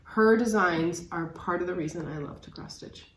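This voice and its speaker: A woman's voice: fairly low pitch, moderate pace, roomy sound, a little hiss or hum. A woman co-hosting a crafting vlog, chatting casually with her sister in a musing way, often trailing off and restarting. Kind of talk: casual chat between sisters.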